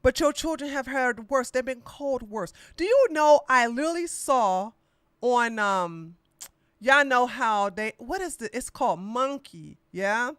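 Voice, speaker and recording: A woman runs her political podcast in a casual, slangy rant, blunt and mocking as she talks straight at her listeners. Her voice sits a little high and rings bright and forceful. The sound is close and dry, with no room around it. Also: animated, a little slow, smooth, dry recording. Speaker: podcast host.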